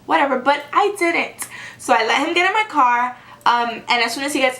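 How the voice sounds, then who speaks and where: Young woman, casual storytime, sarcastic, chatty, fairly high voice, echoey room. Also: a little fast, gravelly. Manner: animated and sarcastic, heavy use of "like". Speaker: vlogger.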